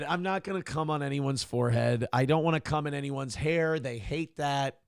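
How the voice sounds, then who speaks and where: A man with a smooth, creaky voice hosts a morning talk show at a moderate pace, in a dry, studio-quality recording. He casually reads viewer comments aloud with sardonic mock indignation, swearing freely and adopting a high sing-song voice for the quoted lines.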